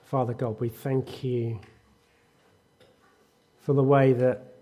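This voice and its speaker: A man's voice: medium pitch, little pitch movement, warm tone. A man leading an earnest spoken prayer in a church service. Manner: earnest, unhurried praying. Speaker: prayer leader.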